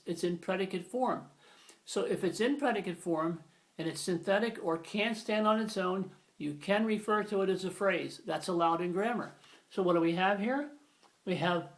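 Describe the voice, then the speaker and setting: Patient man teaching grammar. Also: sits high. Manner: patient, emphatic, repeats key phrases. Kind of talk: explanatory video lesson.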